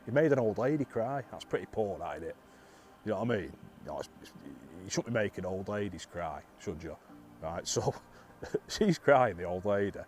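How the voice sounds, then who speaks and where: A man's voice: fairly low pitch, animated, normal speed, darkish tone, soft background music. A man, a bus driver, telling a story casually, laughing often and restarting his sentences in a self-deprecating way.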